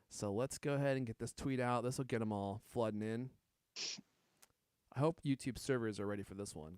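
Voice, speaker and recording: A man's voice: mid-range voice, darkish tone, no echo, clean studio sound. A man hosting a live-streamed podcast in a casual, joking way, teasing his co-hosts and reading out viewer comments. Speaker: podcast host.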